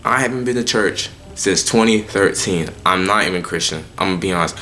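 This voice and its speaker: Young man with a bright, forceful voice. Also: sits low, fairly quick, faint music behind. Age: young adult. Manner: animated, profane, frequent restarts and slang. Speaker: vlogger telling a personal story. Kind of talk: casual storytime monologue.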